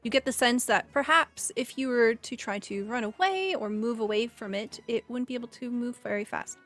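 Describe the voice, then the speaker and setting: Casual woman game master, fairly high voice. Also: moderate pace, a bit bright, soft background music. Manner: casual narration with fillers. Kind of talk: narrating a tabletop game.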